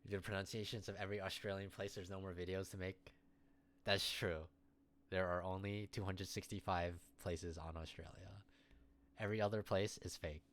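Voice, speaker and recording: A man's voice: low voice, level tone, normal speed. A man streamer rambling and joking through casual running commentary at his computer. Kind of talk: casual live-stream chat.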